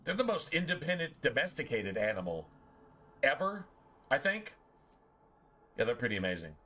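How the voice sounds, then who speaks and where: A man's voice: mid-range voice, sing-song, moderate pace, sharp tone. A man giving blunt, profane, rambling commentary while streaming a video game. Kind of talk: casual gameplay commentary.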